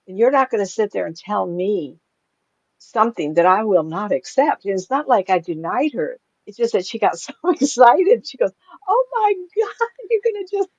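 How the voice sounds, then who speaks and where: A woman's voice: medium pitch, a little mellow, no echo, lo-fi sound. An older woman, a psychic medium, telling stories from her life in a chatty way, often laughing and acting out the voices of people she quotes, recorded at home. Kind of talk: casual storytelling.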